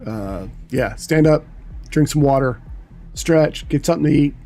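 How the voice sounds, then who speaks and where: A man's voice: on the high side, expressive, a little slow, warm tone, faint music behind. A middle-aged man chatting casually on a livestream, telling rambling, profane stories. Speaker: livestream host. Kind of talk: casual chat.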